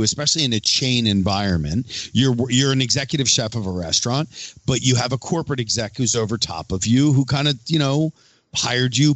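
A man's voice: mid-range voice, fairly bright tone, no echo. A man hosting a casual conversation, rambling with restarts and sarcastic asides. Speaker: podcast host. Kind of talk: casual chat.

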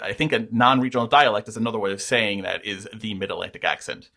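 A lowish, bright and forceful male voice from New York, speaking a mostly neutral American English with only a faint New York edge. He talks in a relaxed, explanatory way as a podcast co-host, restarting sentences and mocking himself a little. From Queens, New York. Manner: explanatory, self-deprecating, repeats words when starting sentences. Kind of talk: casual chat.

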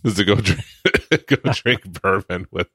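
A man's voice: deep voice, measured pace, a bit bright, husky, no room sound, clean studio sound. A man co-hosting a podcast in casual chat, sarcastic and joking, laughing often as he talks. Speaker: podcast co-host.

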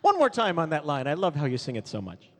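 A man hosting a podcast, trading quick teasing jokes and laughing with his co-host. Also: a little high, huge pitch swings, in a large hall. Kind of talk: joking banter. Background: guitar music.

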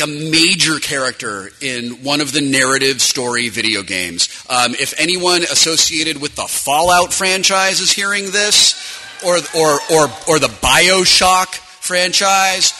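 A man who works as a voice actor, telling a rambling, animated, self-mocking story about his work. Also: fairly high pitch, slight background noise. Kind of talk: anecdotal storytelling.

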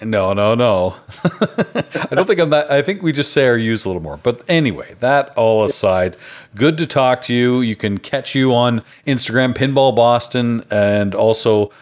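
A man's voice: mid-range voice, lively intonation, moderate pace. A man with a Canadian accent hosting a podcast interview in an upbeat, practiced way. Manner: upbeat, talks for a living. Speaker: podcast host.

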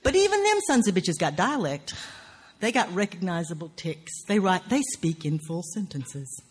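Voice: mid-range voice, sing-song, normal speed, slightly rough. A writing teacher with a Southern US accent, lecturing on craft in an earthy, profane, wry way with folksy grammar.

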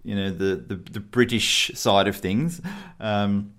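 A man's voice: on the low side, fairly even intonation, slow pace, fairly bright tone. An Australian man hosting a podcast, chatting casually over a call, laughing often and filling gaps with ums. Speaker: podcast host. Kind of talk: casual interview over Skype. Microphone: remote call recording.

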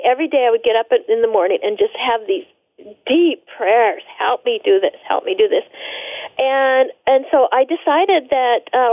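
A woman tells her own story as a guest on a radio show, in an earnest, halting way with frequent restarts. Her voice sits a little high. It comes over a tinny phone line with no room sound at all. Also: no room sound. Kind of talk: personal testimony in a radio interview.

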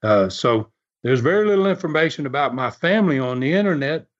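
A man's voice: on the high side, lively intonation, brisk. Older man rambling through a story, muffled. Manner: rambling, full of fillers and restarts. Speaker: podcast host. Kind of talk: casual storytelling monologue. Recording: dull lo-fi recording.

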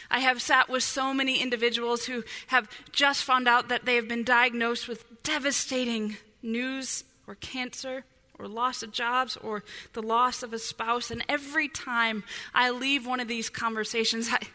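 A woman's voice: on the high side, bright, forceful tone. A woman pastor preaching a sermon with fervor, swinging from urgent pleas down to near whispers. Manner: impassioned, rising to fervent pleas then dropping to near whispers. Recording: long hall reverb.

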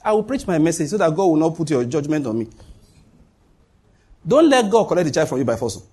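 A man's voice: fairly high pitch, sing-song, brisk, darkish tone, slightly rough. A man preaching a sermon as pastor, emphatic, repeating his points and swinging his voice up and down.

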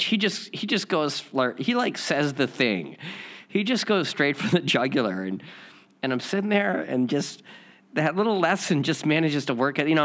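A man's voice: medium pitch, a bit bright. A man hosting a spiritual lesson, telling a rambling personal story with many restarts and repeats before reading.

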